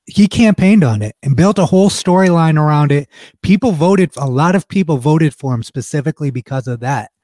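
A man co-hosting a casual podcast chat, his voice sitting fairly high but mellow and dark in tone. He talks bluntly and with emphasis, cursing now and then. The sound is dry and close. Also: lively intonation, fairly quick, dry recording. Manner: blunt, emphatic, swears freely. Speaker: podcast co-host.

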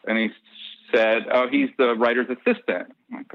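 A man being interviewed tells a long personal anecdote in a casual, animated way, acting out the dialogue and laughing between lines. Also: mid-range voice, moderate pace, no room sound. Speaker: interview guest. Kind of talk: casual storytelling. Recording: dull, lo-fi dry recording.

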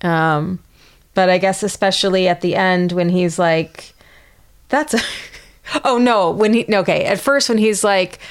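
A woman's voice: lowish voice, measured pace, clear, resonant tone. A woman co-hosting a casual podcast, recapping a sitcom with lots of hesitant ums. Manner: hesitant, many ums, easygoing. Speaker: podcast co-host.

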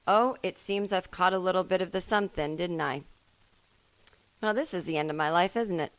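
A woman's voice: on the low side, moderate pace, close to an everyday voice. Woman doing a dying cat, prim and resigned. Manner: prim, plainly worded, without a British accent.

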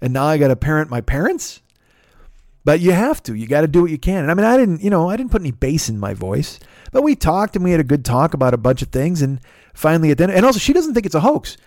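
A man's voice: fairly high pitch, very animated, fast talker, darkish tone, no echo, studio quality. A middle-aged man hosting a podcast, talking in a casual solo monologue that rambles, swears a lot and sounds exasperated. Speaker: podcast host.

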